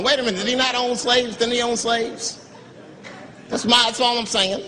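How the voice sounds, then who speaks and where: A man doing a stand-up comedy routine on stage, telling animated stories and jumping into loud, high voices for the people in them. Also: moderate pace, big-room sound. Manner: animated storytelling with shouted, high put-on voices. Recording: live stand-up with noisy crowd ambience. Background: audience laughter.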